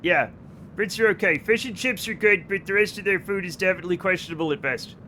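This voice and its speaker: A high-pitched man in middle age, joking and swearing freely as he chats with his live audience. He is from the United States and keeps breaking into laughs. His delivery is loose and conversational. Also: fast talker, sharp tone, slight background noise. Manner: joking, profane, bursts into laughter. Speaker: streamer. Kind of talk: casual chat with live viewers.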